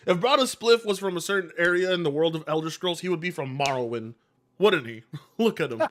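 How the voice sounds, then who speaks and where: This is a man hosting a live gaming stream, talking in a loose, rambling way to his chat, swearing and laughing easily. His voice sits a little high for a man and jumps around a lot in pitch, so he sounds very animated. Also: brisk. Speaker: livestream host.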